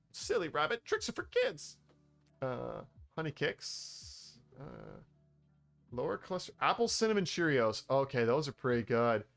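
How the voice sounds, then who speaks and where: A man's voice: medium pitch, fairly bright tone, clean tone. A man streaming casually, talking in a playful, mock-exasperated way with sighing asides. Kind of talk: casual livestream commentary. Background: faint background music.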